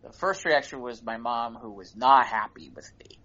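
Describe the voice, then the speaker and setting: Animated man telling a story, lo-fi. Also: medium pitch, moderate pace. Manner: animated, stammering restarts, repeats phrases for comic effect. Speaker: podcast co-host. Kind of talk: casual storytelling chat. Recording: dull lo-fi podcast recording.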